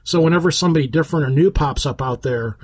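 Slightly high husky guy rambling on his podcast, casual chat. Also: fast. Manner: rambling, restarts sentences. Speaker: podcast host.

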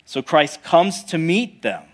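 Male pastor, slightly high voice, sermon delivery, dynamic from hushed to emphatic. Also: big pitch swings, takes it slowly. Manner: swings from hushed asides to loud, emphatic declarations; rhetorical questions to the congregation.

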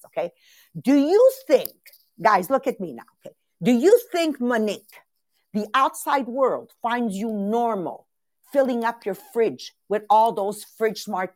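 A middle-aged woman from Italy hosting a live motivational podcast. She tells animated stories and calls on her listeners by name. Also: fairly high pitch, no echo, clean studio sound. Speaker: podcast host and sales team leader.

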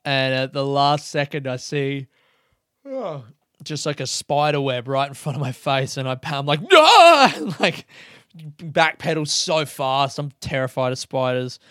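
Young man, Australian accent, self-mocking comic storyteller, smooth resonant voice, dry sound. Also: mid-range voice, steady tone, a little slow, a bit bright, dry recording. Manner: rambling, self-mocking, casual swearing, laughs between lines.

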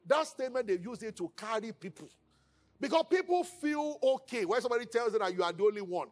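A Nigerian-accented male pastor preaches a sermon at a fast clip in an extremely high-pitched voice. He is animated, acting out the people he quotes in hushed tones.

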